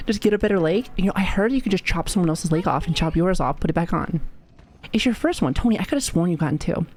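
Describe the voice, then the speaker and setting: A woman's voice: lowish voice, lively intonation, fast, a little mellow, slight background noise. Foul-mouthed laughing woman streamer. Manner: profane, joking, laughs often. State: recovering from illness. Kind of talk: casual live-stream chat.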